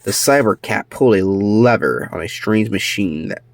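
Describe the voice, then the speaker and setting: A man reading his own children's storybook aloud, animated, with slips and restarts. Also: on the low side, normal speed, no echo.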